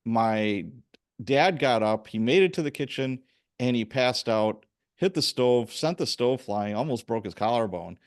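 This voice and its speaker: A man hosting a podcast, chatting casually and telling a personal story with lively acted-out quotes. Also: medium pitch, measured pace. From Chicago area. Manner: animated storyteller, acts out quoted voices. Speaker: podcast host. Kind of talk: casual interview conversation.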